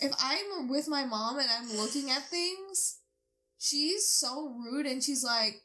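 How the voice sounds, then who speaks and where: A woman co-hosting a podcast in casual chat, animated and swearing often, with loud bursts of laughter. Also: high-pitched, takes it slowly. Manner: swears a lot, laughs loudly, animated storytelling. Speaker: podcast co-host.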